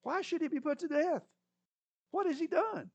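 A man's voice: extremely high pitch, moderate pace, vocal fry, lo-fi sound, pitched above the performer's own voice. A man voicing a bewildered young male prince who pleads with his father, asking plaintive questions. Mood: pleading.

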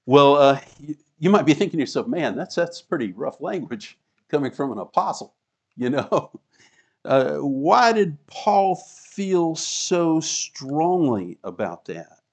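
A man's voice: fairly high pitch, big pitch swings, measured pace. Man preaching a teaching sermon. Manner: teaching, reads scripture aloud, emphatic, chuckles. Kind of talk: sermon with slides.

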